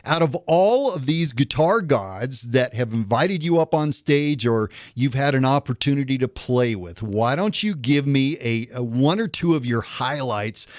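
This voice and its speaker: A man with a mid-range voice asks questions in a casual radio interview. He is chatty and relaxed. The sound is close and dry, with no room echo. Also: medium pitch, measured pace, hardly any pauses.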